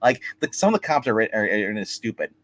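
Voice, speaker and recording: Guy on a movie review show rambling thru the plot, kinda low voice, lots of restarts. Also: sing-song, a little fast, fairly bright tone. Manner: rambling retelling with acted-out quotes and laughs. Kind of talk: casual movie recap chat.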